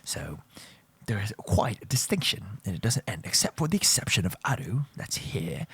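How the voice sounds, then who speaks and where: A man's voice: on the low side, very animated, normal speed, vocal fry, fairly bright tone, slightly rough. A man giving a casual, joking language lesson, teasing his students and repeating points as he goes. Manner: playful, teasing, repeats and self-corrects. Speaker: Japanese language teacher.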